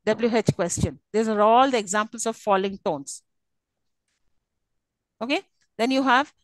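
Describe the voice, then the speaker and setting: A woman's voice: on the high side, normal speed, no room sound. A woman giving a university lecture, explaining step by step and often checking that listeners follow. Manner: explanatory, checks understanding with repeated "okay?" and "isn't it?".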